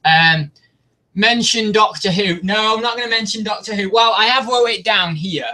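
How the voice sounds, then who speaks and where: A man's voice: high-pitched, normal speed, bright, forceful tone. A young man chatting casually on a live stream, rambling and poking fun at himself. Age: young adult. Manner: rambling, chatty and self-mocking. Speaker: YouTube host.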